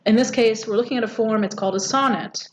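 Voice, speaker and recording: A woman's voice: on the high side, fast talker. A woman teaching a poetry lesson, explaining step by step with frequent ums and rhetorical questions. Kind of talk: recorded poetry lecture. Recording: dull audio with faint background noise.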